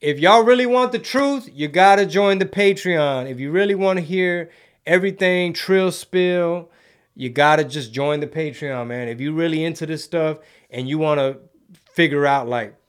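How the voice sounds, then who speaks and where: A man's voice: on the high side, normal speed, clear, resonant tone. A man hosting a casual livestream, rambling in slang and slipping into Spanish while reading the chat. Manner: laid-back slangy rambling, mixes in Spanish. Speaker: podcast host reading live chat.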